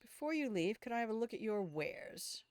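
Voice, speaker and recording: A woman's voice: a little high, very animated, moderate pace, a little mellow, dry recording, voice pushed up. A woman voicing a chatty wandering male trader in a video game, who warns with an old-fashioned way of talking. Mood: cautionary. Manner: old-fashioned storyteller's telling, uses "ye".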